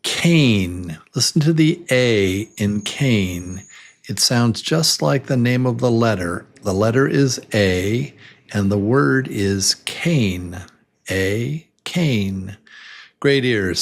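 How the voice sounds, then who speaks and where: A man teaching a beginner English lesson, enthusiastic and repeating words slowly for learners to say along with him. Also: medium pitch, animated.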